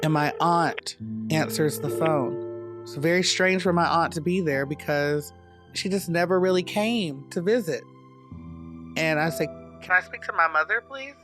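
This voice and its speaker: A man from North Carolina tells his story in a reflective, measured way for a documentary interview. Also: fairly high pitch. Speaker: dance company founder. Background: soft guitar music.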